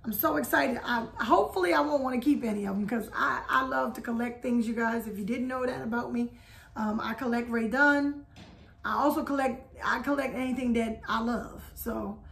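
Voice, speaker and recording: A woman's voice: on the high side, moderate pace, creaky, fairly bright tone. Chatty woman showing toys. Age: adult. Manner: chatty, addresses viewers as y'all, hums theme tunes. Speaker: haul video host. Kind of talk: casual haul vlog.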